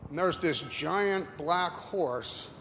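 Older guy rambling through slides, lots of ums, bright tense voice, echoey hall with faint noise. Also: fairly high pitch, animated. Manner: rambling, halting, many fillers. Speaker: presenter. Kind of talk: casual slide talk with anecdotes. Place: room with an audience.

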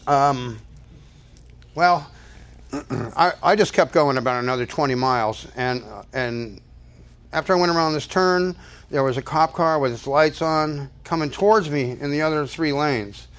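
A man's voice: on the high side, unhurried, fairly bright tone. An older man telling a personal story to an audience, rambling casually with many restarts and fillers. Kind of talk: casual spoken anecdote.

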